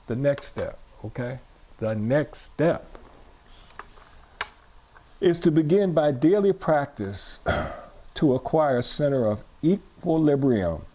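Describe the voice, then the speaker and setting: This church sermon comes from a male pastor whose voice is mellow and medium-pitched. Repeating phrases often, he asks the congregation questions and draws their responses.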